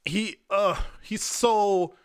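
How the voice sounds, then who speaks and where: A man's voice: high voice, drawn-out words, smooth, dry recording, clean studio sound. A young man hosting a podcast, telling a personal story in a candid, profane way, full of "like" and restarts. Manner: candid, profane, fills talk with "like". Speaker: podcast host.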